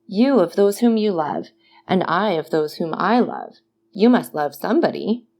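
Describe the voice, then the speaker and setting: A woman's voice: lowish voice, very animated, normal speed, darkish tone. Give me a woman doing a desperate young male prisoner, imploring and fervent. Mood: pleading.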